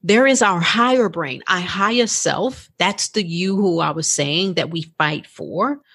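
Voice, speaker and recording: A woman's voice: on the low side, expressive, unhurried, a bit bright, slightly rough. A woman hosting her own coaching podcast, talking in a chatty, encouraging way with frequent laughs and questions to her listeners. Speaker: podcast host and life coach. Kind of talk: casual motivational podcast talk.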